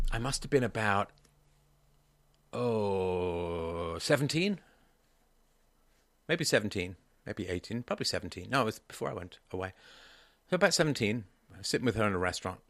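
Emphatic low-voiced man hosting call-in. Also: animated, normal speed, pauses often, fairly bright tone, no room sound. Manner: emphatic, repeats key phrases for stress. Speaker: call-in show host. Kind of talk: call-in advice conversation.

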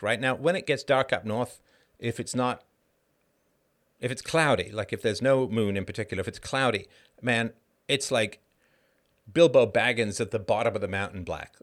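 A man hosting a livestream, talking casually and acting out the people in his stories. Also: mid-range voice. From Canada. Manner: animated storytelling, acts out quoted people. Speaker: livestream host. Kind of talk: casual monologue.

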